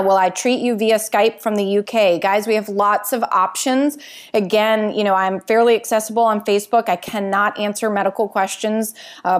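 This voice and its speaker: A woman in her thirties hosts her own health podcast. She talks casually and warmly straight to her listeners, filling pauses with "um" and "you know" as she answers their questions one by one. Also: medium pitch. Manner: warm, chatty, with many fillers. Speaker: podcast host, doctor.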